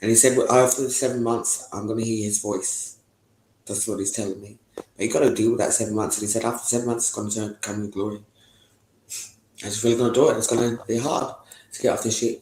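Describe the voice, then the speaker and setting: A man's voice: medium pitch, darkish tone, a little hiss or hum. A young man giving a candid, rambling interview testimony, swearing often and laughing between thoughts. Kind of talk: candid casual talk. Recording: echoey room.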